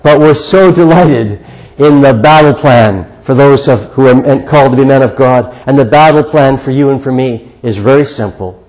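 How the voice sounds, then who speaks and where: An older man preaches to a congregation in a church sanctuary, earnest and conversational, asking rhetorical questions again and again. His voice is mid-range with a darkish tone at a normal speed, and the recording is rough.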